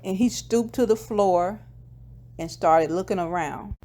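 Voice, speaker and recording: Her voice sits at an ordinary middle pitch, warm in tone and measured in pace, as she loosely and chattily recaps a TV episode. Moving step by step through each scene, she relays the characters' dialogue in her plain voice, now and then using a filler or correcting herself.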